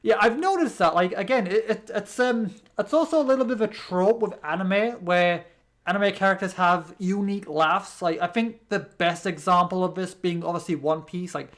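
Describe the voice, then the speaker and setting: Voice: medium pitch, normal speed, a bit bright. Rambling British let's play host. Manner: rambling, with many restarts and fillers. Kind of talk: gameplay commentary.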